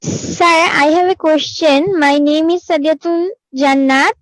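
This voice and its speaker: A woman's voice: sits high, fairly even intonation, measured pace, dry recording, rough recording. A young woman student politely and eagerly asking her teacher a question on a video call.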